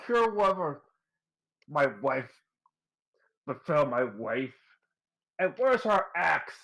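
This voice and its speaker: A man voicing a furious, hulking husband who bursts out in loud, frantic cries. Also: on the high side, very animated, takes it slowly, vocal fry, exaggerated voice.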